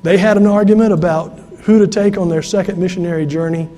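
Male pastor, high mellow voice, storytelling sermon, long church reverb. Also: steady tone, fast. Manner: storytelling, acts out quoted voices. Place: church sanctuary.

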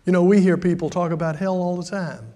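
High-voiced preacher in a reverberant hall. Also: male voice, fairly even intonation, fast talker, warm tone. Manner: storytelling, conversational with dramatic swings in volume. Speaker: pastor. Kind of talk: sermon.

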